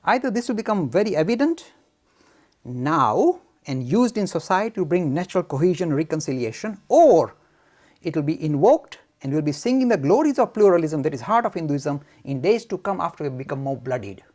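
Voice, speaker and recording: A man from India gives a frank, forceful lecture on Hinduism to students. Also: on the high side, fairly quick. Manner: forceful, frank, animated, mock-arrogant.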